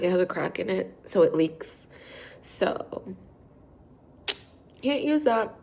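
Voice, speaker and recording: This woman in her twenties is making coffee at home and vlogging through a hangover, her talk casual and rambling with fillers and self-corrections. Her medium-pitched voice is gravelly yet a little mellow, picked up by a phone held low with slight background noise.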